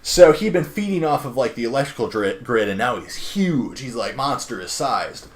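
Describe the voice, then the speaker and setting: A man's voice: medium pitch, lively intonation, normal speed. Young male podcast host, loose filler-heavy comic recap, quotes characters in passing. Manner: rambling, filler-heavy, acts out characters' lines. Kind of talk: casual chat recapping a comic.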